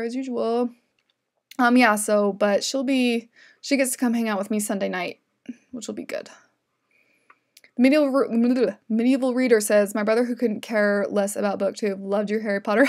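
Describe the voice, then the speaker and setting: A woman's voice: fairly high pitch, a little mellow. Chatty giggly woman hosting a livestream. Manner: chatty and giggly, with many fillers. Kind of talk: casual live-stream chat, reading viewer comments aloud.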